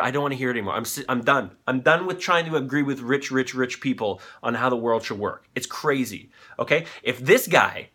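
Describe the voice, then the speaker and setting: A man's voice: medium pitch, bright, forceful tone. A man in his thirties hosting a comedic news commentary show, ranting with profanity while on cold medication. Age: 30s. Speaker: host.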